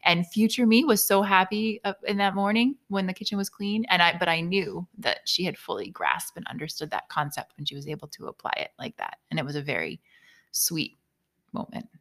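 Gravelly-voiced mother telling home stories. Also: lowish voice, brisk. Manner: animated storyteller, laughs often, acts out quotes. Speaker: podcast co-host, mother. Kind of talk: casual chat.

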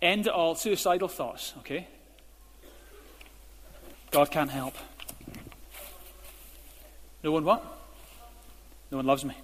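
A man preaching a sermon as a pastor, speaking emphatically and building to forceful urging. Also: a little high, slow, long pauses. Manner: emphatic, rising to forceful exhortation. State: out of breath. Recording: hall reverb.

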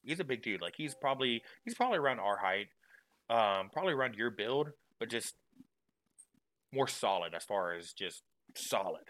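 A man's voice: mid-range voice, big pitch swings, normal speed, fairly bright tone, low-quality recording. A man hosting a podcast, telling rambling, self-deprecating stories in casual chat. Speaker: podcast host.

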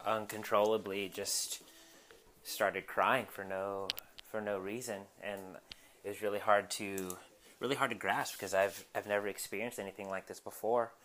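Young guy rambling about his week at home, lowish voice, lots of ums and restarts, pretty candid. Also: a bit bright. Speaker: podcast host. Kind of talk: casual personal story. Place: his apartment, cleaning up. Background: household noise.

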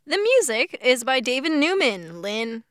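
A woman's voice: high-pitched, big pitch swings, measured pace. A young woman co-hosting a podcast, chatting casually and giggling as she stumbles over names while reading film credits. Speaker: podcast co-host.

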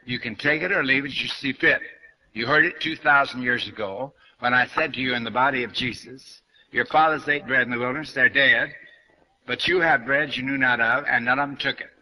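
Blunt older man lecturing, bright tone. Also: mid-range voice, fairly quick, low-quality recording. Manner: blunt, questioning, speaks straight to listeners. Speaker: New Thought lecturer. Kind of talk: spiritual lecture to an audience.

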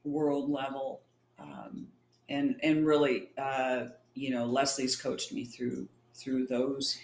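This champion cyclist and triathlete, a middle-aged woman from California, speaks slowly in a rumbling low, darkish voice. Chatty as an interview guest, she performs the dialogue within her casual stories. Slight background noise and a roomy echo color the recording.

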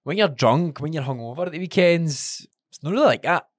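A man's voice: a little high, lively intonation, a little fast, dry recording, clean studio sound. A man with a Scottish accent co-hosting a podcast, chatting frankly, swearing freely, and agreeing often. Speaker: podcast co-host. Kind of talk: casual podcast chat.

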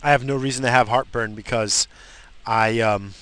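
A man's voice: medium pitch, fairly even intonation, normal speed, fairly bright tone, clear, resonant tone. A man in a car, talking while he drives, in a crude, profane, rambling monologue.

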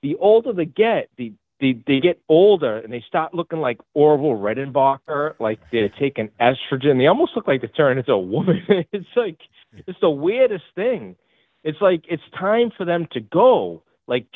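A man's voice: on the high side, dry recording. Male caller, Boston accent, rambling, many fillers; dry, tinny phone line. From Boston area. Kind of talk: call-in talk. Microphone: phone call.

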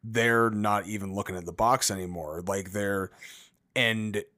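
A man co-hosting a podcast, chatting casually about wrestling in a measured, agreeable way. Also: lowish voice, fairly even intonation, sharp tone, no room sound, studio quality. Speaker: podcast co-host.

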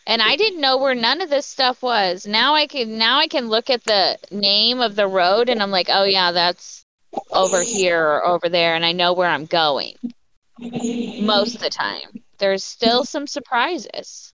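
A woman speaks in a relaxed, matter-of-fact way, her voice smooth and at a middle pitch. The sound is dry and a little dull. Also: measured pace, no echo. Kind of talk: casual chat.

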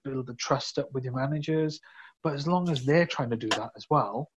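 A man's voice: mid-range voice, brisk, background noise. A man hosting a podcast, reflective and talking in restarts. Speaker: podcast host. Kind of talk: casual conversation. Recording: dull, slightly lo-fi sound.

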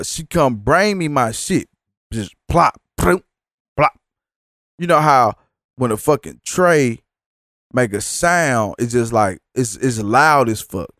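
A man on a podcast, sick and tired, who tells a rambling, profane story and mocks the people in it. His voice sits at a middle pitch and is recorded dry and close, with no room sound behind him. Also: no echo. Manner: profane, animated storytelling with mocking quotes. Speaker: podcast host. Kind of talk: casual storytelling monologue.

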